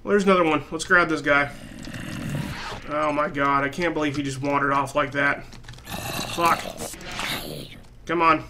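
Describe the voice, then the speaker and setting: A man giving gameplay commentary, swearing a lot and flaring into loud frustrated outbursts. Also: a little high, slow, pauses often, noisy background. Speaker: let's play gamer.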